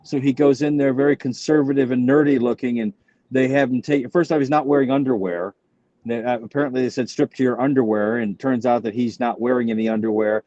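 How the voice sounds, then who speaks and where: Older male comic with a warm, mellow voice, a dry, muffled recording, and a meandering delivery. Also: mid-range voice, steady tone, dry recording. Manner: rambling, halting retelling with many restarts. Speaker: stand-up comic guest. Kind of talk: casual anecdotal chat. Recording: dull, muffled sound.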